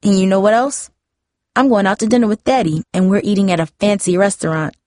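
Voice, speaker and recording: A woman's voice: medium pitch, fairly quick, a little mellow, no echo, clean studio sound, lightly acted. A woman voicing a defiant, pushy teenage girl in a storybook reading. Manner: pouty, confrontational teen voice.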